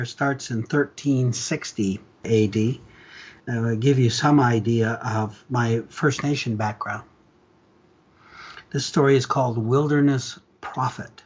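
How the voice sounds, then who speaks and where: An older man from Ontario, Canada, reading his own stories aloud with an animated storyteller's delivery that acts out the dialogue. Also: medium pitch, breathy edge, dull audio.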